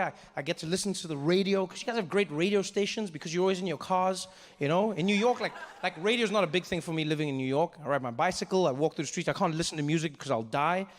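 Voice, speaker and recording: A young South African man performing stand-up comedy on a club stage, animated and jumping into character voices. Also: a little high, long reverb tail.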